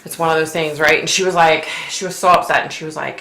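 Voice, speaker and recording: Low gravelly woman chatting on a livestream, talks to her viewers, lots of "like" and "you know", bright edge, echoey room. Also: steady tone, quick pace, hardly any pauses. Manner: chatty, says "like" and "you know" a lot, reads out chat messages. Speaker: livestream host, psychic. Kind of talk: casual live-stream chat with viewers.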